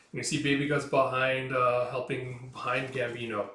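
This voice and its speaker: A man's voice: medium pitch, fairly even intonation, normal speed, few pauses, a bit bright, roomy sound, far from the mic. A man casually recapping a comic book page by page, rambling with lots of filler words. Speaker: comic reviewer. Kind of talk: casual comic read-through commentary.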